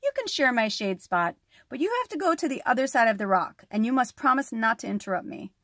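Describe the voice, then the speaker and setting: Brief: a knowing, sleepy lizard for a storybook, high and light, read by a woman. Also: very animated, brisk, a bit bright, no room sound, studio quality. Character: wise dreamy male desert lizard. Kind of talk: storybook reading.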